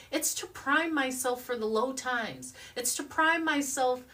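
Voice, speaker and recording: A woman gives a motivational talk, her higher, bright voice swinging widely in pitch. She stresses her words and repeats affirmations over and over until they fall into a chant. Her voice sits a little back from the mic in a studio. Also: far from the mic. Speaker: motivational speaker.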